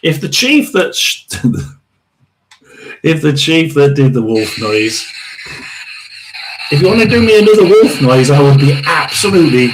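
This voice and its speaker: A man hosting a live tarot and spirit box session, talking haltingly, repeating words and often clearing his throat. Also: a little high, expressive, slight background noise, poor audio.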